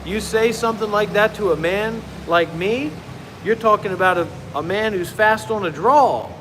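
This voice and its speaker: A man's voice: high voice, moderate pace, fairly bright tone, long reverb tail, slight background noise, pitched above the performer's own voice, poor audio. A man playing a boastful old-time tough-guy gunslinger who swaggers and issues warnings. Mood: swaggering.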